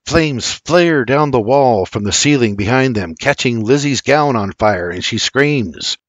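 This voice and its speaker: Older male narrator, dramatic and animated in delivery, dry booth sound. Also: medium pitch, unhurried, no echo. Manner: dramatic, intense storytelling. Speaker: audiobook narrator. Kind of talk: scripted dramatic audiobook narration.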